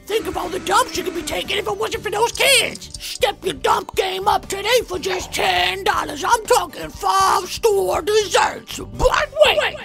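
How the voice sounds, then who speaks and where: A raspy, gravelly old grandma cook played by a man pitches her crude desserts in a loud huckster bark. Her voice sits very high and grainy. Faint music plays under the infomercial. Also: measured pace, hardly any pauses, full character voice. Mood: salesy. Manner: brash huckster pitch, shouted lines. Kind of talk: comedic infomercial parody dub.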